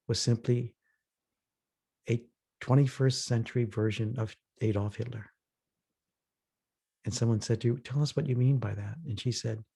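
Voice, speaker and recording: Here a man guides a reflective workshop dialogue as facilitator, earnestly narrating stories and dramatizing the voices he quotes, his medium-pitched voice warm and husky.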